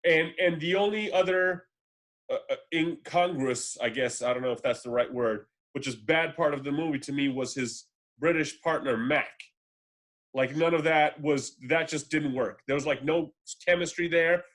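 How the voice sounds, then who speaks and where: A man's voice: fairly high pitch, normal speed, fairly bright tone. A man chatting casually as a podcast co-host over a remote call, rambling with fillers and swearing. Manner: rambling, profane, frequent fillers and restarts. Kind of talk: casual chat.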